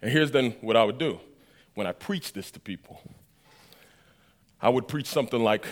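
A man's voice: mid-range voice, animated, normal speed. A man preaching a sermon, telling a story with acted-out dialogue and asking the audience questions.

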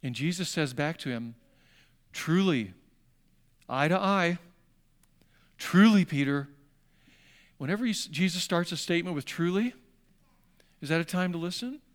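A man preaching a sermon, shifting between hushed, intimate passages and emphatic declarations. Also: a little high, expressive, a little slow, pauses often. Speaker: pastor.

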